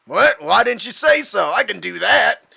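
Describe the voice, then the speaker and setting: A man's voice: on the high side, fairly quick, creaky, sharp tone, full character voice. A man voicing a folksy, rambling middle-aged male cab driver. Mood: eager.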